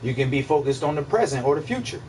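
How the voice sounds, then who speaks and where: A man hosting a casual livestream, musing out loud in a rambling, profane way, repeating himself and answering his chat. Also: on the high side, animated, fast talker, far from the mic, a little hiss or hum, poor audio. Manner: rambling, profane, repeats himself, asks listeners if they follow. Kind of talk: casual philosophical monologue.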